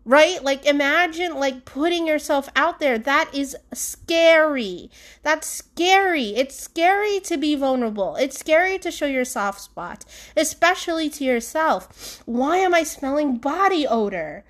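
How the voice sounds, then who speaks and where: A young woman talks alone at home into her podcast mic, frank and confessional. She rambles and circles back, dropping fillers, and her voice sits a little high. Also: a little slow. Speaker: podcast host. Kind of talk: candid solo podcast monologue.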